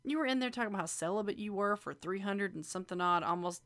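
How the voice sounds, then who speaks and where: A woman co-hosting a casual chat, talkative and quick to laugh, with many fillers. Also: medium pitch, a bit bright.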